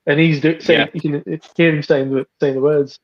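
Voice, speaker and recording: A middle-aged man with a somewhat high, husky voice co-hosts a relaxed podcast chat over beers. He jumps in eagerly and talks over others. The audio is muffled and lo-fi. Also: moderate pace. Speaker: podcast co-host.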